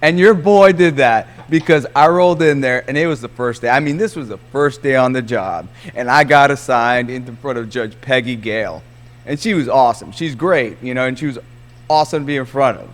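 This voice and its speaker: A man, a lawyer and podcast co-host, telling an excitable story in a casual chat. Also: medium pitch, fairly quick, big-room sound. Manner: excitable, voice jumps up when quoting.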